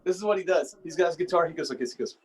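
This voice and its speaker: A middle-aged man, a guest musician, telling stories in a lively way and mimicking sounds and voices. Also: fairly high pitch, racing, a loud crowd, rough recording. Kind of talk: casual storytelling chat.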